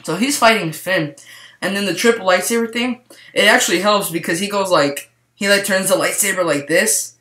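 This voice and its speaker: A man giving a casual movie review to camera, rambling and excited, with lots of "like" fillers. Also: high-pitched, moderate pace. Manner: rambling, excitable, heavy use of "like". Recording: roomy echo.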